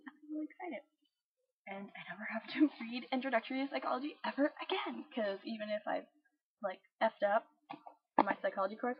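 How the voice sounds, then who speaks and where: A woman's voice: mid-range voice, slightly rough, no echo. A young woman telling a story in a casual vlog, bubbly and acting out the voices of other people. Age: young adult. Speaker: vlogger. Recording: dull lo-fi webcam audio.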